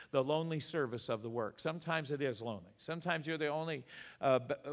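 A man's voice: a little high, a bit bright, big-room sound. A man pastor preaching a sermon in earnest, repeating words for emphasis.

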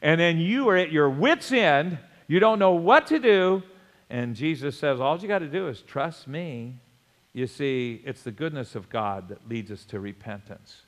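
A man preaching in a church, his fairly high voice swinging up and down as he breaks into sudden loud bursts. A long reverb from the church hall trails after his words. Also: expressive, unhurried. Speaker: pastor. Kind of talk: sermon.

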